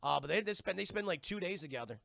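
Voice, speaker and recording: A male streamer recapping a cartoon for his chat in a loose, excitable way, repeating words and swearing freely. His voice is a bit high for a man, bright and gravelly, recorded close and dry. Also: quick pace, no room sound. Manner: animated and profane, repeats words. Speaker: streamer and reviewer. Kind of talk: casual live-stream commentary.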